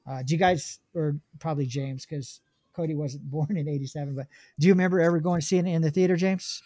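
A man's voice: a little high, fairly even intonation, fast talker, mellow, no room sound. A man hosting a casual podcast chat, reading film notes aloud with many ums and restarts. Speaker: podcast host.

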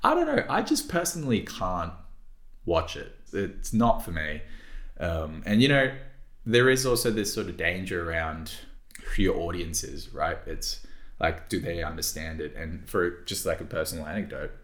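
A man's voice: low-pitched, sing-song, moderate pace, a bit bright, roomy sound. A man co-hosting a casual podcast discussion, thinking aloud with hesitant restarts and frequent fillers. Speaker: podcast co-host.

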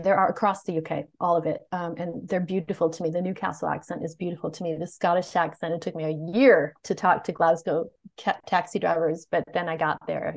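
This media researcher, a woman with a General American accent, is the guest in a conversational interview. Her voice is lowish, and she talks in an outspoken, animated way, often restarting sentences as she thinks out loud.

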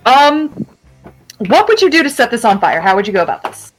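A woman's voice: fairly high pitch, sing-song, fairly quick, soft background music, low-quality recording. A young adult woman narrating as game master for a tabletop game, casual and playful, laughing often.

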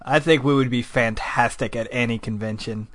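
A man hosting a casual stream chat, animated and laughing, often breaking into mock shouts. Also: mid-range voice, moderate pace, noisy background.

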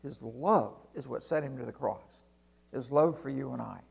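A man's voice: medium pitch, moderate pace, vocal fry, slightly rough. A male pastor preaching a sermon in a conversational way, full of rhetorical questions.

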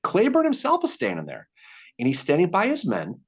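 A man hosting a podcast, telling a Civil War battle story in a casual, animated way. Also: high voice, brisk, husky. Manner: animated, acts out quotes. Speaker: podcast host.

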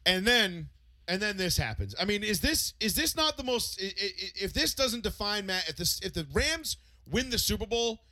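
Excitable, animated man telling a story. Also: high voice, moderate pace, no room sound. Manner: excitable, profane, re-enacts with loud outbursts. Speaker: podcast co-host. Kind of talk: casual storytelling chat.

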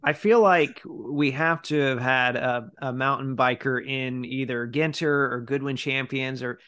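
Podcast host reading listener questions. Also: male voice, mid-range voice, unhurried, clear, resonant tone. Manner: relaxed, reads listener questions aloud. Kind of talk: casual podcast chat.

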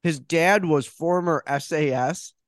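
An American man hosting a casual podcast chat, excitable and profane, laughing often. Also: on the high side, measured pace, no room sound. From United States. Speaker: podcast host.

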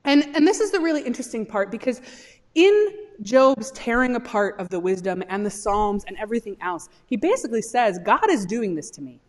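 A woman delivers a sermon in a lively voice that swings up and down. Her pitch sits a little high. Her voice carries a long reverb through the hall. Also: brisk. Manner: animated, rising to impassioned pleas when voicing Job. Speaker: pastor.

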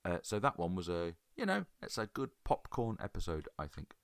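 Very deep-voiced man, eager. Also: wildly swooping pitch, no room sound, clean studio sound. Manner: enthusiastic, halting with repeated starts. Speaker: podcast co-host. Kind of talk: casual chat.

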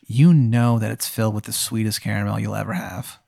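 A man's voice: lowish voice, brisk, creaky, dark tone, dry recording, clean studio sound. A young adult man narrating a comedic tabletop game as game master. He rambles, with frequent fillers and restarts.

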